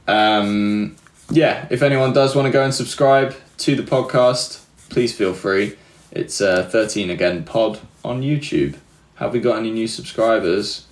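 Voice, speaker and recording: Reading comments from his live audience, a young streamer rambles casually through self-deprecating anecdotes, laughing along the way. The voice is lowish and the sound roomy.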